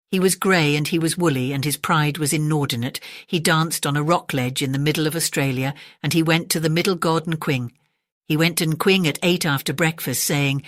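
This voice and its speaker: In a low, calm voice and at a moderate pace, a woman narrates a bedtime story, chanting its repeated refrains rhythmically. The recording is close and dry, with no echo.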